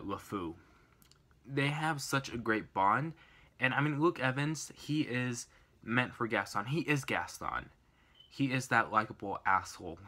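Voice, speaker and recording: A man's voice: fairly low pitch, sharp tone. A young man giving a casual, enthusiastic movie review, rambling with fillers and restarts.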